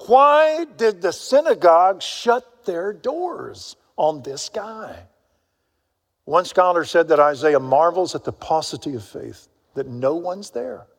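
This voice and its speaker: A man preaching a sermon in folksy storytelling style, acting out characters and swinging between loud bursts and hushed asides. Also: on the high side, vocal fry. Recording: long reverb of a hall.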